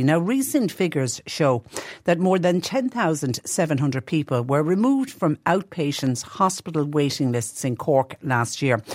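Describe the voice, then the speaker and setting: A woman's voice: sits low, no room sound, studio quality. A middle-aged woman hosting a local radio phone-in and chatting through listener messages. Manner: chatty, reads listener texts aloud. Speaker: radio presenter. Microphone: studio microphone.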